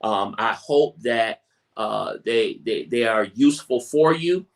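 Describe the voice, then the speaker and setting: A man's voice: medium pitch, lively intonation, slow, vocal fry. A man hosting a podcast, giving casual advice in a conversational way, often repeating phrases and restarting sentences. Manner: acts out quoted family chatter in brighter voice. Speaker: podcast host.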